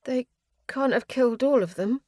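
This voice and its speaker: A woman's voice: on the high side, normal speed, darkish tone, dry recording, studio quality, voice pushed up, natural voice. A woman reading an audiobook voices a refugee with a weak, thin voice who refuses to believe bad news. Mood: desperate.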